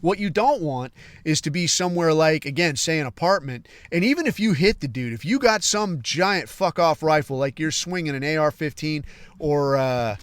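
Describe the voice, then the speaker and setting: A male podcast host in a casual monologue, blunt and heavy on profanity. His voice sits a little high and comes through smooth and resonant. The sound is dry and close. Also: lively intonation, normal speed, dry recording. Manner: blunt, profane, fillers like "like" and "right".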